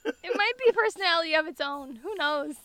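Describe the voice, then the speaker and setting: A woman's voice: extremely high pitch, lively intonation, a little fast, over a noisy crowd. A woman co-hosting a podcast in casual chat, rambling and self-mocking, often laughing. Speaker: podcast co-host.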